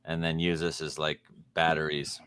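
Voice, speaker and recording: A man's voice: rumbling low, little pitch movement, moderate pace, fairly bright tone, clean tone. A man hosting a casual talk show, joking crudely and rambling with restarts. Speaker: show host. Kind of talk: casual podcast chat.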